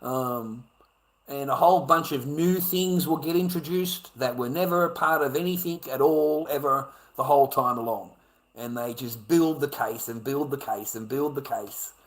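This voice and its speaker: An Australian man ranting off the cuff on a livestream, swearing a lot and repeating himself, moving from low muttering to shouting. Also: normal speed, poor audio. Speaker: livestream ranter. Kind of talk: profane off-the-cuff rant.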